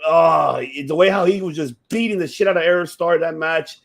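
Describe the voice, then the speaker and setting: Excitable high-voiced man, swearing freely. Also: a little fast, vocal fry. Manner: excitable, profane, rambling with many restarts. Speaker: podcast host. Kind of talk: casual chat about wrestling.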